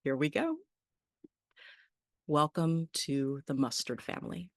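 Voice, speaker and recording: A woman's voice: low-pitched, expressive, slow pace, dry recording, studio quality. A woman teaching an online botany class, friendly, with many ums and small laughs.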